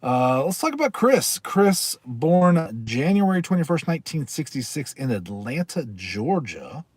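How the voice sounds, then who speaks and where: A man's voice: mid-range voice, no echo. Chatty man hosting a casual livestream. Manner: chatty, rambling, laughs often, reads card backs aloud. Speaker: livestream host. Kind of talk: casual live-stream chat.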